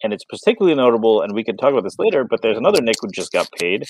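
A man's voice: fairly low pitch, very animated, racing, slight background noise, low-quality recording. A man co-hosting a podcast in casual sports chat, rambling with many fillers and restarts. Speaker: podcast co-host.

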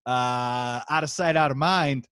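A man in his forties hosting a podcast, chatting in a relaxed, rambling way. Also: mid-range voice, a little slow, clean tone, dry recording. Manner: relaxed, rambling, lots of fillers. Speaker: podcast host. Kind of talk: casual comedic chat.

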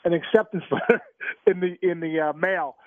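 Male guest, high voice, phone-line quality, eager stammering storyteller. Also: moderate pace, background noise. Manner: animated, restarts and stammers, laughs through stories. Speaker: guest, former pro ballplayer. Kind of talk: casual storytelling interview. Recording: tinny phone-line sound, dry.

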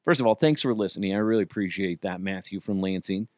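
A man's voice: sits low, quick pace, dry recording. A man hosting a podcast, talking in a casual, rambling comedic monologue and swearing freely. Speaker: podcast host.

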